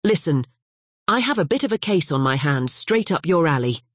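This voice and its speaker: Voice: mid-range voice, big pitch swings, a bit bright, no echo, clean studio sound. A narrator voicing a restless male lawyer. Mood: eager. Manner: brisk, friendly banter.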